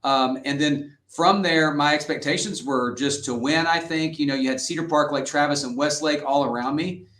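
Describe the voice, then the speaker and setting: A middle-aged man, a high school football head coach, telling stories in an interview in an earnest, lively way and acting out the quotes he tells. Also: normal speed, few pauses. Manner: earnest, animated storyteller who acts out quotes. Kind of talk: interview guest storytelling. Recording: roomy echoey sound.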